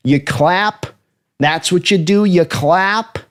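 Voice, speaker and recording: A man doing a gruff, needling football coach. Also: high voice, slow, pitched above the performer's own voice. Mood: mocking. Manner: teasing, barking questions.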